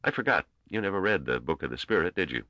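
A man doing a gruff veteran space trader. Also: low voice, animated, fast talker, sharp tone, dry recording, muffled recording, pitched above the performer's own voice.

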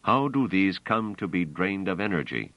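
A man voicing a cold, commanding humanoid guard robot that questions its prisoners in a flat, literal manner. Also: low voice, normal speed, no echo, pitched above the performer's own voice. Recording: dull, dry audio.

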